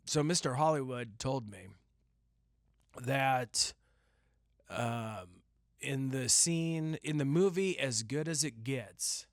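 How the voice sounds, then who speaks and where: A man's voice: mid-range voice, no room sound, clean studio sound. Rambling jokey man hosting a podcast. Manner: rambling, jokey storytelling with sudden loud yelps. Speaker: podcast host. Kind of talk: casual solo podcast rant.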